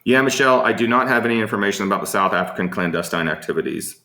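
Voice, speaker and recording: Very fast and sharp-toned, this man's lowish voice has lively intonation. He hosts an easygoing live Q&A in a room with echo, replying to viewer questions amid rambling stories and constant fillers.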